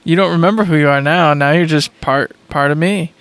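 A man's voice: on the high side, fairly quick, fairly bright tone, clean tone, no room sound. A man co-hosting a podcast, chatting casually in a playful, joking way and laughing often. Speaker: podcast co-host. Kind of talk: casual chat.

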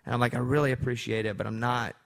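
A man's voice: medium pitch, fairly even intonation, fast, creaky. Joking man hosting a casual chat. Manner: jokey, loose, trails off into asides. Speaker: radio host.

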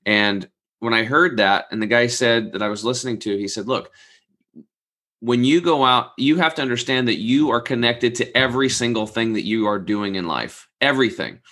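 A man's voice: mid-range voice, moderate pace, bright, forceful tone. A man in his forties telling a long personal story in casual conversation, acting out the people he quotes and swearing freely. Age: 40s. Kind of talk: casual podcast chat.

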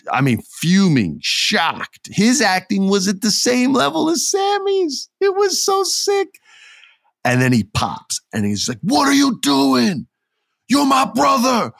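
Animated man recapping a wrestling match. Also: medium pitch, dry recording, studio quality. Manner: excited, animated storytelling. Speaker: podcast host.

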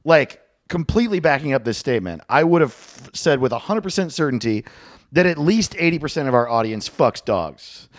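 Dry-voiced man riffing with lively pitch. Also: a little fast, no echo. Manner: laughs often, riffs on absurd bits. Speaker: podcast co-host. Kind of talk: crude comedic banter.

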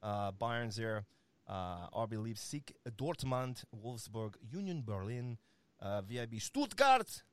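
A man hosting a casual soccer scores segment, energetic and playful, with lots of fillers, teasing his co-host. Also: mid-range voice, slow pace, clear, resonant tone. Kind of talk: casual sports rundown on a talk show.

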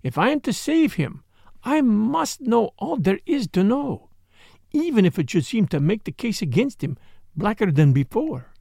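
A man voicing a gentle, courteous elderly detective with formal phrasing in an audiobook reading. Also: high voice, very animated, moderate pace, creaky, dry recording, studio quality, pitched above the performer's own voice, heavily acted. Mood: earnest.

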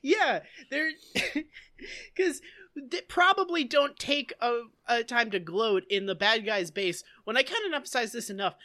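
A woman talks in a casual podcast recap, sarcastic and profane, telling the story with gusto. Her pitch swings widely from line to line. Her tone is bright and sharp. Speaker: podcast co-host. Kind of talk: casual comedic recap chat.

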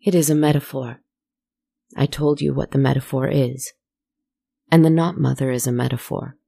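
A storyteller narrating a slow, meditative tale in a soft, reflective manner, with asides to the listener. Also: mid-range voice, steady tone, gravelly, dry recording.

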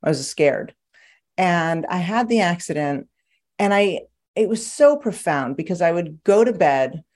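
Lively low-voiced woman who laughs a lot. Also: unhurried. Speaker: podcast guest and author. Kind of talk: casual interview chat.

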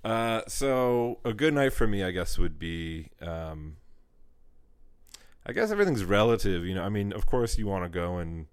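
A young man with a low voice that swings widely in pitch, chatting casually on a podcast. He rambles modestly through stories, laughing them off. The sound is close and dry, recorded in an apartment living room. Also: sing-song, normal speed, clean tone, no room sound. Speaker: guest comedian.

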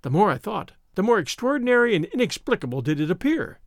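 A man reads a classic tale in the first person with a lively, rising and falling delivery. His voice sits high for a man, and the recording is close and dry. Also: quick pace, no echo. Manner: expressive, animated first-person storytelling. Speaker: audiobook narrator. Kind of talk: scripted narration of a classic story.

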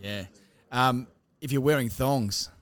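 A man's voice: medium pitch, slow pace, fairly bright tone. An Australian man hosting a podcast, playfully quizzing two guests on local slang before reading the outro. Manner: playful, teasing quizmaster. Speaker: podcast host. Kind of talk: casual quiz and podcast outro.

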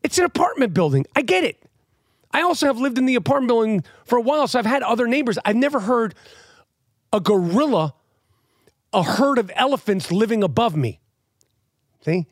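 Loud new guy ranting, high voice that jumps all over, dry close sound. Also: fast, no echo. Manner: animated, loud, profane, swings between shouting and muttering. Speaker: comedian ranting to camera. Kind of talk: profane comic rant.

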